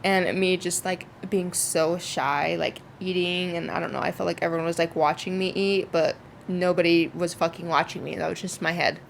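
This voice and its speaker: A woman's voice: on the low side, fairly even intonation, moderate pace, vocal fry, a little hiss or hum. A young woman telling a casual storytime vlog, chatty and swearing freely, with lots of fillers. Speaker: vlogger.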